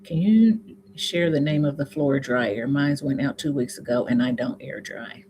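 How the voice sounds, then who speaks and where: Chatty low-voiced Southern woman live-streaming. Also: unhurried, background noise. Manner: chatty, reads comments aloud and answers viewers directly; bursts into high laughing exclamations. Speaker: YouTube host answering live chat. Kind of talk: casual live-stream chat.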